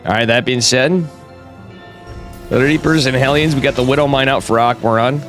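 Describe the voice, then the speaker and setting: Man with a cold, live game caster, casual and chatty, middle-pitched voice, faint music underneath. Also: fairly even intonation, normal speed, fairly bright tone. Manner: casual, chatty, talks to viewers, jokey asides. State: has a cold. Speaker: esports caster. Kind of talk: solo live game commentary.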